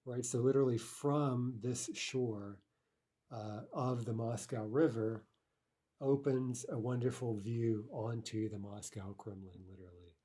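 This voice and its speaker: A man's voice: medium pitch, steady tone, unhurried, dark tone, husky. A man teaching a language lesson, explaining grammar step by step with a patient manner and frequent checks like "right?" and "okay".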